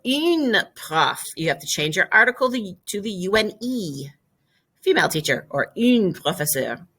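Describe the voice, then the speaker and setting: A woman teaching a French vocabulary lesson, explaining step by step and repeating each word slowly and clearly. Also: fairly low pitch, sharp tone. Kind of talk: classroom lesson video.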